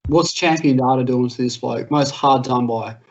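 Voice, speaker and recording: A man's voice: mid-range voice, normal speed, dull audio. An Australian man co-hosting a casual sports podcast, chatty and matey. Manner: chatty, says mate often. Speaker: podcast co-host.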